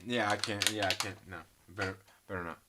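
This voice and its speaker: A man's voice: sits low, fairly even intonation, brisk, noisy background. A man hosting a casual live stream, telling rambling stories full of swearing and frequent laughter, and reading chat comments aloud.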